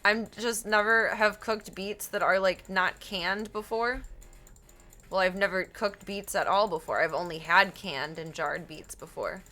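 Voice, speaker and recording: A woman's voice: mid-range voice, a little slow, bright, forceful tone, faint music behind. A young woman live-streaming, chatting casually with a giggly, rambling, self-deprecating manner.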